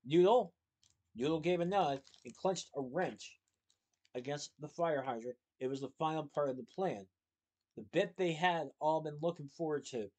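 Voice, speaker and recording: A man reading a children's novel aloud as a storyteller, in a steady storytelling manner. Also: fairly high pitch, normal speed, rough recording.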